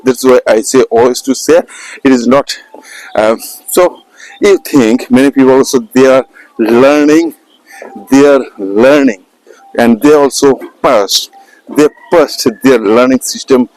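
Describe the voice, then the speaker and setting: Halting Indian man teaching English. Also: mid-range voice, darkish tone, no echo, poor audio. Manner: repetitive, halting, many fillers and restarts. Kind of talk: spoken English lesson.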